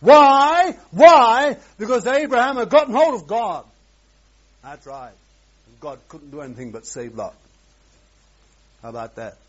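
A man's voice: a little high, moderate pace, long pauses. Dramatic preacher man, lo-fi recording. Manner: dramatic, swings from loud exclamations to hushed asides. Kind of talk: sermon. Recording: dull lo-fi sermon recording.

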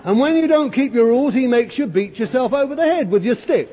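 A male preacher delivering a sermon as a dramatic storyteller, swinging from loud to hushed. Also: extremely high pitch, lively intonation, brisk, a little hiss or hum. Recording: dull, echoey old hall recording.

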